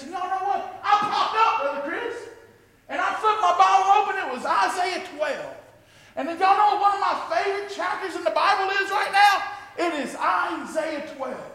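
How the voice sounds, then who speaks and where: A man preaching a sermon to his congregation, impassioned and often rising to shouted exclamations. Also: extremely high pitch, moderate pace. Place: church sanctuary with a congregation. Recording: echoey hall with long reverb.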